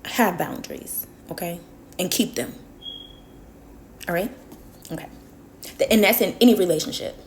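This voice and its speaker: A woman's voice: fairly low pitch, normal speed, long pauses, a little hiss or hum. A woman vlogger telling a personal story in a casual monologue, emphatic and repeating herself for stress, then giving earnest advice to her viewers.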